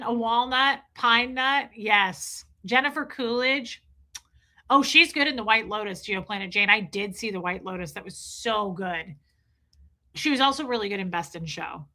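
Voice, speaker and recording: Bright, gushing woman streamer chatting. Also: mid-range voice. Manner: gushing, enthusiastic, rambling with restarts. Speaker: live streamer. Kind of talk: casual chat reading out viewer comments.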